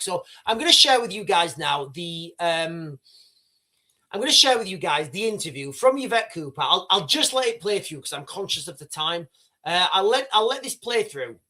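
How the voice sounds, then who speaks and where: A British man hosting a casual livestream. He talks to his viewers in a rambling, animated way. His voice is high and bright, and his pitch leaps about freely. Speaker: livestream host. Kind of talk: casual live commentary.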